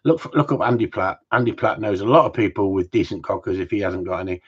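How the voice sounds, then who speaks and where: Man, low husky voice, rambling jokey chat, mild swearing, slightly dull recording. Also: fast talker. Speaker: gundog trainer hosting a live Q&A stream. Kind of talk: casual live-stream chat.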